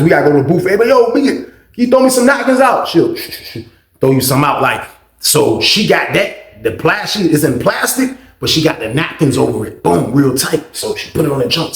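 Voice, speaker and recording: A man telling a storytime vlog story in casual slang, animated and getting louder when excited. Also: mid-range voice, reverberant. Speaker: storytime vlogger.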